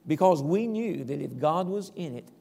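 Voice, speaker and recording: A man's voice: a little high, animated, moderate pace, creaky, warm tone. An older man preaching a conversational sermon as pastor, often checking in with the congregation and chuckling now and then. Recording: long reverb of a large hall.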